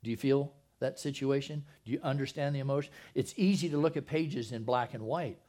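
A man's voice: medium pitch, brisk, a little mellow. A man preaching a sermon in a conversational way, with joking asides to the congregation. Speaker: pastor.

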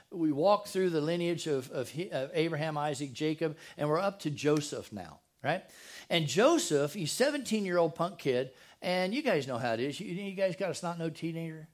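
A man pastoring a church, preaching a sermon in a casual, joking way and asking his congregation questions. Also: on the high side. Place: church sanctuary.

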